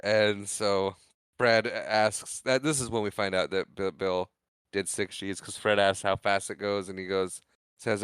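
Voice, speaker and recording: A man co-hosting a podcast, casually recapping a movie scene by scene and acting out lines in quick quoted voices, laughing often. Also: fairly low pitch, little pitch movement, a bit bright, clean tone, no echo. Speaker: podcast co-host.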